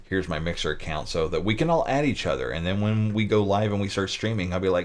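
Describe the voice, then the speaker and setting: A man's voice: sits low, expressive, fast, hardly any pauses. A man hosting his own live-stream talk show, chatting casually with viewers, full of restarts and jokey asides.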